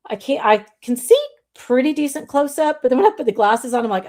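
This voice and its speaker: A woman hosts a relaxed live stream. She rambles in a friendly, conversational way and keeps addressing her audience as y'all. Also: fairly high pitch, moderate pace. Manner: chatty, greets viewers, says y'all. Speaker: livestream host. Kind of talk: casual live stream chat.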